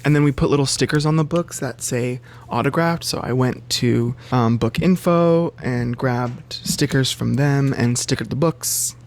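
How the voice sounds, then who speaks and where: A man talks casually to his camera in a loose, chatty vlog. His voice sits at an everyday middle pitch but leaps sharply upward when he gets worked up, and he swears freely as he goes. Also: unhurried, few pauses. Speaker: bookseller and book vlogger.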